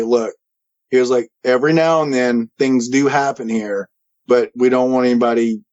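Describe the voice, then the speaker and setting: A man telling a story in a casual, animated way as a guest, acting out the quoted voices and chuckling now and then. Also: medium pitch. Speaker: guest recounting a paranormal experience. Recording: slightly dull lo-fi audio.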